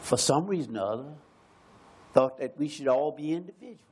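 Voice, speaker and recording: An American man on an arts panel, talking in a slow and musing way, repeating phrases and pausing often. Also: fairly high pitch, expressive, darkish tone, slight background noise. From United States. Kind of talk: slow reflective panel talk.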